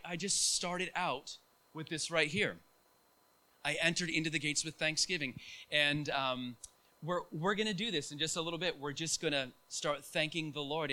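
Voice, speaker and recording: Man preaching, middle-aged, very bright voice, slightly high, casual storytelling with fillers. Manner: casual, animated storytelling with many fillers and restarts. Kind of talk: sermon with personal story.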